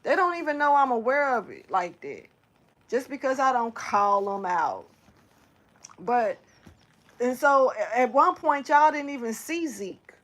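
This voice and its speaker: A woman spiritual reader telling a story casually to her camera, animated and slangy, swearing and talking straight to her viewers. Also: a little high, measured pace.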